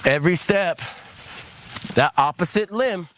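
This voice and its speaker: A man leading a guided movement class, calmly coaching steps, counting aloud and leading rhythmic chants. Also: high voice, a little slow, slight background noise.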